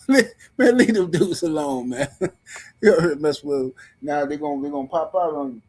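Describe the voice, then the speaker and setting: A man's voice: on the high side, moderate pace, a little mellow, breathy edge. A man hosting a live stream, ranting about boxing in a heated, slangy way and speaking straight to his viewers.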